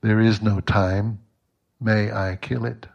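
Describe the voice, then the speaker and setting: A huge flaming angel speaks calmly and without hurry, as a man reads him. The voice sits low and even, patient but unmoving. It fits a storybook reading. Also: vocal fry, highs cut off, full character voice. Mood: firm. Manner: steady, measured questions.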